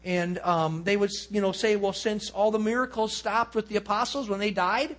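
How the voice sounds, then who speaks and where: Telling stories with plenty of asides, a male pastor gives a conversational sermon in church at a moderate pace. His intonation stays fairly even, and his weak voice fades out in the low range.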